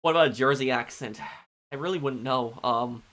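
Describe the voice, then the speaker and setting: A man live-streaming a game, chatting casually with viewers in a rambling, halting way full of ums and restarts. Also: mid-range voice, fairly bright tone. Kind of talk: casual chat answering viewers.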